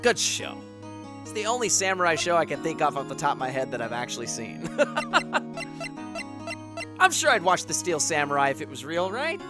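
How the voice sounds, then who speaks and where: A man's voice: fairly high pitch, sing-song, fast talker, over music. A man casually commenting while playing a game live, laughing at himself in asides. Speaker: streamer. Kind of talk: live let's-play commentary.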